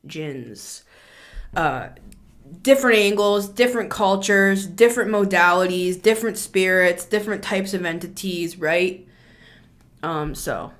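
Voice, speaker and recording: A woman's voice: mid-range voice, fairly bright tone. A woman giving a casual spoken tarot reading as a channeler, chatty and blunt, with lots of filler words and some swearing.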